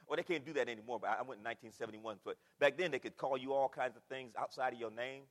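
An older man preaching a sermon in a church, animated, full of rhetorical questions and repetition. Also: mid-range voice, fast, hardly any pauses, big-room sound. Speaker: pastor. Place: church sanctuary.

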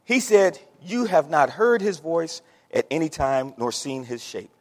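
A man's voice: a little high, very animated, unhurried. A man preaching a sermon as pastor, folksy, with homespun stories and plain everyday sayings. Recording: long hall reverb.

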